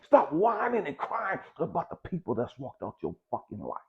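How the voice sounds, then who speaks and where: Profane preaching man, lively pitch. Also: normal speed. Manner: profane, preaching, hammering repetition. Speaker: motivational speaker. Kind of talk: blunt motivational exhortation. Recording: dull lo-fi recording.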